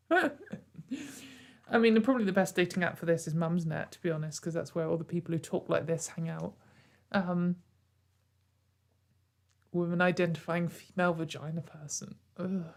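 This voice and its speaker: A woman's voice: fairly low pitch, moderate pace, vocal fry, long pauses. A woman hosting a casual commentary show, mocking what she reads out and laughing often. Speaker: commentary channel host.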